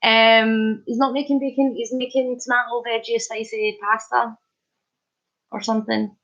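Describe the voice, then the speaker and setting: A woman's voice: on the high side, flat delivery, normal speed, fairly bright tone. A woman vlogger chatting casually on a home live stream, answering comments, giggly and hyper. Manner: chatty and giggly, laughing often. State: hyper and wide awake. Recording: slightly muffled lo-fi stream audio.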